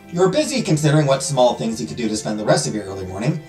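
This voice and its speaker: Man reading a visual novel aloud, animated, swooping delivery, echoey room, faint music. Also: medium pitch, fast talker. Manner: lively, dramatic storytelling with joking asides. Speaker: let's play host. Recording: roomy echo with music behind.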